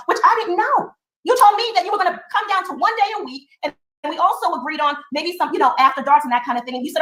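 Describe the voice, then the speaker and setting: Shaky high-voiced woman talking fast, echoey room, pleading. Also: a bit bright. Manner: pleading, emotional, rapid. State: shaky, recovering from laryngitis. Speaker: show host. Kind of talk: heated live-stream argument.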